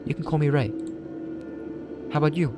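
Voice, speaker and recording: Man reads a poised senior schoolgirl; kind, calm, a touch raised in pitch. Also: fairly quick, background noise, natural voice. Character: polite, capable teenage schoolgirl, a senior. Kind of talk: reading game dialogue aloud.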